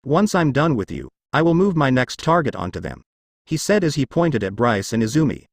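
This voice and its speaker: A man's voice: mid-range voice, very animated, brisk, creaky, dry recording, studio quality. A man reading a fan fiction story aloud, voicing both narration and dialogue in one voice. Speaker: fanfiction reader.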